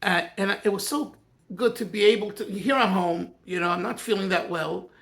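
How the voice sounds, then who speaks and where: A man, a Yiddish speaker, reminiscing in a personal talk as a rabbi, earnest and halting with many restarts. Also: high-pitched, creaky, fairly bright tone. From United States.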